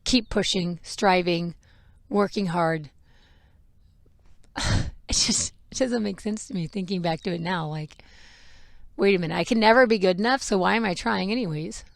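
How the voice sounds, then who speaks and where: A woman's voice: medium pitch, brisk, gravelly, no echo, clean studio sound. A mother hosting a podcast, telling a personal story in a frank, emotional way with laughs and the odd swear. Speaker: podcast host.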